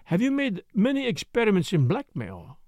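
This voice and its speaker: A man's voice: high-pitched, huge pitch swings, moderate pace, dry recording, pitched above the performer's own voice, full character voice. A man voicing a shrewd, self-assured middle-aged Belgian detective with a French accent, asking precise, needling questions in an audiobook. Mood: probing. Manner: precise, needling questions with sudden sharp jabs. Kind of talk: audiobook character voice.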